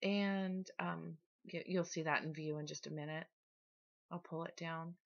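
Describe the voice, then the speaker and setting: A woman talking casually through her scrapbooking process in a relaxed, chatty voice-over. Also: low-pitched, measured pace, creaky, muffled recording. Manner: chatty, relaxed, with small restarts. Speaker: scrapbooking vlogger.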